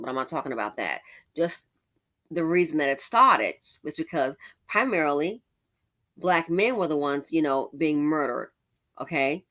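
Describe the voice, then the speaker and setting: A woman talks through her opinions in a bright, forward voice. She sounds sassy and exasperated and slips into mocking impressions. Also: deep voice. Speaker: commentary vlogger. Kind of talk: opinion commentary.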